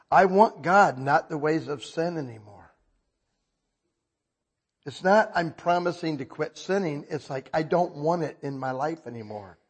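Husky-voiced man preaching emphatically. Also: mid-range voice. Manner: emphatic, swings between soft confession and loud bursts; conversational, checks in with listeners. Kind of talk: sermon.

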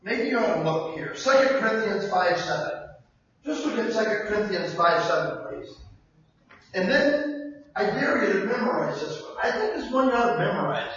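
An older male pastor preaches with a very high, lively voice, chatting with his congregation one moment and shouting the next. He sounds far from the microphone in a large, echoing church, and the recording is dull and muffled. His pitch swoops widely as he talks. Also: moderate pace. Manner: conversational preaching with sudden shouts. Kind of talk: sermon. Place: church sanctuary. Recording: distant echoey hall, dull sound.

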